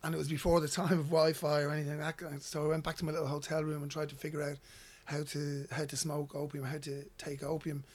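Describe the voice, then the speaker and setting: Speaking fast with hardly any pauses, this guest from Ireland has a high-side voice and a completely flat delivery in his Irish accent. He rambles through casual personal stories, often repeating words when beginning a sentence.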